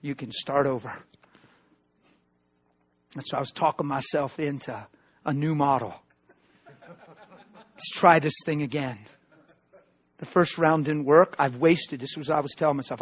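A male preacher with a husky, slightly high voice gives an emotional testimony sermon. He swings between loud outbursts and hushed, near-whispered stretches. The recording sounds muffled and lo-fi. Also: moderate pace, no echo.

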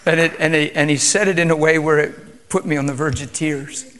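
Soft-spoken, reverent, higher-voiced male preacher. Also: fairly quick. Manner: subdued, calm and quiet; reverent, prayerful. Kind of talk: sermon with prayer.

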